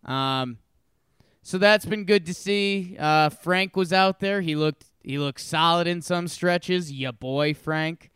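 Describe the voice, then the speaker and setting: A man co-hosting a casual podcast over a remote call, talking basketball in a relaxed, hesitant way. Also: on the high side, slow, clean tone, no room sound, studio quality. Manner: relaxed, hesitant, with many fillers. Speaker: podcast co-host.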